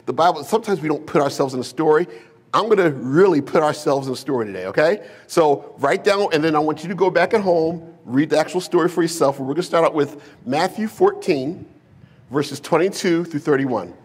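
Husky-voiced pastor preaching a casual sermon. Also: male voice, a little high, animated, brisk. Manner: casual, humorous storytelling with slang and rhetorical questions. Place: church sanctuary with a live congregation.

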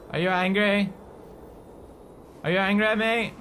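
A man in his twenties giving playful, excitable let's-play commentary and chatting to his game companion. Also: high-pitched, a little slow, pauses often, a little hiss or hum. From Sweden. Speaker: gaming host. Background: game music.

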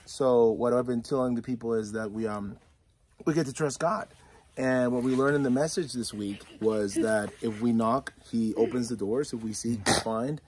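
Man, youth pastor, slightly husky, calm and earnest prayer request. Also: medium pitch, normal speed. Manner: earnest, reassuring, faith-focused. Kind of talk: casual spoken prayer request.

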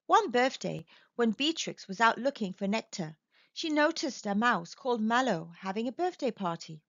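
A woman reading a children's picture book aloud, gentle and expressive. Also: a little high, normal speed, dry recording. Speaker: storyteller. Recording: dull dry recording.

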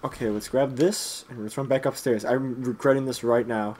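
A man playing a video game with a friend, excitable, often laughing and shrieking. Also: medium pitch, moderate pace. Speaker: gamer. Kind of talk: casual gameplay chat.

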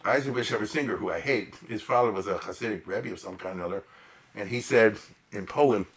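A male lecturer telling stories to a class in a lowish voice. He talks in an animated, emphatic way and keeps turning to the listeners with chatty asides. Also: quick pace. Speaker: lecturer on history. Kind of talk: informal storytelling lecture.

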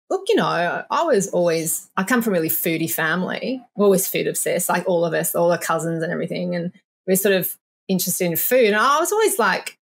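Chatty, animated woman guest. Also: medium pitch. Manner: chatty, animated, laughs often and acts out quoted voices. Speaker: naturopath guest. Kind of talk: casual podcast interview.

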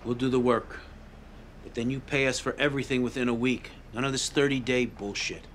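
A man playing a gruff worried father. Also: mid-range voice, fairly even intonation, fairly quick, a bit bright, slight background noise, lightly acted. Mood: stern. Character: strained middle-aged father, contractor. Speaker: father, builder. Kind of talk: film drama acting.

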